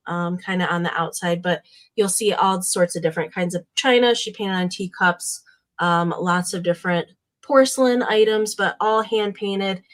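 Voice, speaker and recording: A woman hosting a live vintage sale, describing each piece in an unhurried way with many uhs and ums. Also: medium pitch, a bit bright. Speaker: live sale host and seller. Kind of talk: casual live sale pitch.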